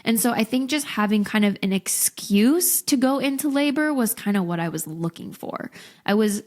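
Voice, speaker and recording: A young adult woman, a podcast guest, telling a personal story in a candid, expressive way and acting out what people said. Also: on the high side, normal speed. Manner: candid, expressive, acts out quotes. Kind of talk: casual storytelling.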